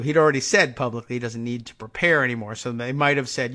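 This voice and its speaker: A man's voice: mid-range voice, normal speed, few pauses, pushed and bright. A man hosting a political podcast, reading news stories aloud with sardonic, wry asides.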